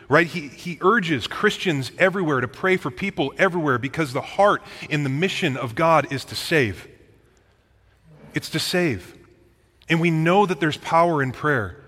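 Male preacher in a reverberant hall. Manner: direct, conversational preaching with rhetorical questions; drops into a quiet, low voice when telling a personal story. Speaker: pastor. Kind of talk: sermon. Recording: long reverb of a large hall.

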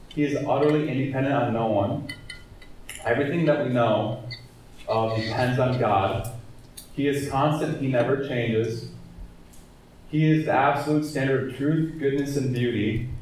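A man's voice: mid-range voice, darkish tone. A man in his thirties giving a casual but earnest church training talk and reading scripture aloud, with frequent fillers and restarts. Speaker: evangelism trainer. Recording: very echoey room, mic far off.

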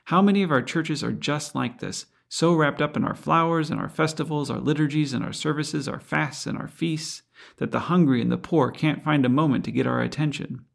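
A man's voice: fairly high pitch, brisk, gravelly. A man preaching a sermon in an earnest, reflective way, asking rhetorical questions.

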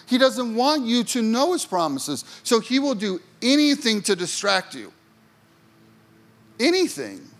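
A man's voice: very high-pitched, huge pitch swings, measured pace. A man preaching a sermon in a chatty storytelling way, asking the congregation questions as he goes. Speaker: pastor.

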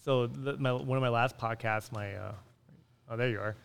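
A man's voice: medium pitch, fairly even intonation, moderate pace, gravelly, clear, resonant tone. A man hosting a casual podcast, rambling and upbeat as he tells stories into a close mic. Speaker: podcast host.

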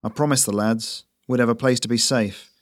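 A man voicing a burly, resigned enemy sergeant with a gravelly voice and a flat, blunt way of talking. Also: medium pitch, normal speed, dry recording, clean studio sound, natural voice.

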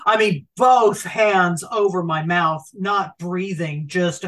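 A woman co-hosting a casual podcast chat, reacting in an animated, emphatic way. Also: fairly low pitch, slow pace, distant mic. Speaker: podcast co-host.

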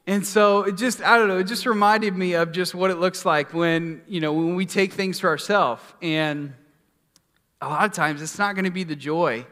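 A man's voice: a little high, fairly bright tone, long reverb tail. A male pastor telling a long personal story in a casual, rambling sermon, full of fillers and restarts.

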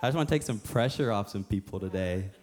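A man's voice: fairly low pitch, animated, fast talker, a little mellow. A young man preaching a sermon as a young adults pastor, casual and joking, often acting out other people's voices.

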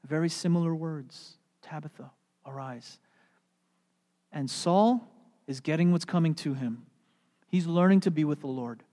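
A pastor preaching a sermon, animated and storytelling, then going soft and hushed. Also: mid-range voice, moderate pace, long reverb tail. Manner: animated storytelling, drops to soft hushed tones for quoted words.

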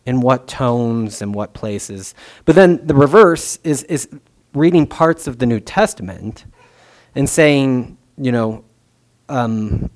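A young man preaches in an easy, talky way, as if thinking aloud to his congregation. His voice sits at a middle pitch, and he keeps stopping to restart a thought with an "um" or a repeated word. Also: lively intonation, takes it slowly. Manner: casual, musing, many fillers and restarts. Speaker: pastor. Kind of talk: conversational sermon.

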